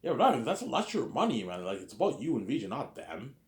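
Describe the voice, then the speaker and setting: A man voicing an excitable older male film director who keeps insisting and repeating himself. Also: medium pitch, fast. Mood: insistent. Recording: roomy echo.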